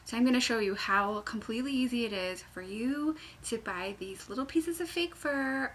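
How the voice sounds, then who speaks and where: A young knitting pattern designer chats through a tutorial vlog at home beside a fireplace, her mid-range voice a bit bright, with slight background noise. She is bubbly and rambling, breaking into sudden squeals, jokes and whispered asides.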